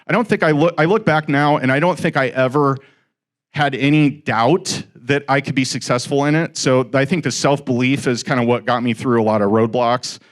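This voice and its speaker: Animated storytelling man, middle-aged. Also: medium pitch, normal speed. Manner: animated, acts out quoted dialogue. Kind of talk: storytelling talk to a live audience.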